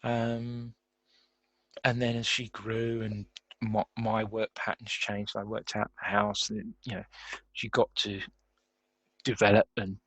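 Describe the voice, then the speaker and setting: A man's voice: fairly low pitch, level tone, takes it slowly, pauses often, a bit bright, no echo. A man, a guest in a podcast interview, talking reflectively and laughing often. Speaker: guest, career coach.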